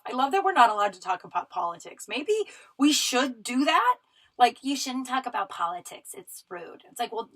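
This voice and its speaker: A woman in her thirties from Colorado talks straight into her own podcast mic. She is casual and blunt, swears freely, and often stops and restarts her sentences. Her voice sits at an ordinary middle pitch. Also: a bit bright, rough recording. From Colorado, USA. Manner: profane, emphatic, with frequent fillers and restarts. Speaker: podcast host. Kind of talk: casual solo podcast monologue.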